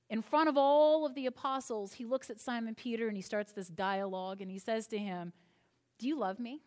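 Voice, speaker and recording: A woman preacher with a medium-pitched voice delivers a sermon conversationally, retelling a scripture story and adding asides to her listeners.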